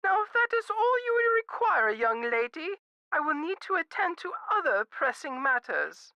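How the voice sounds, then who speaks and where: A woman's voice: high-pitched, big pitch swings, normal speed, sharp tone, no room sound, highs cut off, full character voice. An actress voicing an older, wealthy, imperious woman in a video game, formal and commanding.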